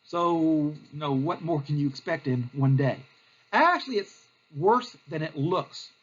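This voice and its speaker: A male history teacher telling a lesson as a playful, animated story, with lots of fillers. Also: fairly high pitch, measured pace, muffled recording.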